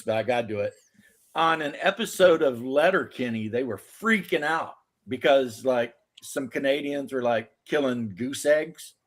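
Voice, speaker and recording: An American man telling stories in loose, profane casual chat. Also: mid-range voice. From United States. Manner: animated storytelling, swearing. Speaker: podcast host.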